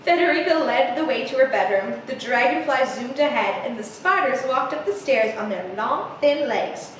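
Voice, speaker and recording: A young woman reading a picture book aloud to children, animated and chatty with many asides, in an echoey room heard from a distance. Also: high-pitched, normal speed, a little hiss or hum. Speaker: theatre coach reading to children.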